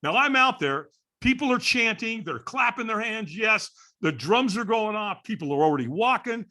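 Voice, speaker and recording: A man in his sixties from California, a podcast guest telling a story in an animated way, acting out the voices of the people in it. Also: high voice, moderate pace. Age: 60s. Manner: lively storyteller acting out voices, frequent "right?".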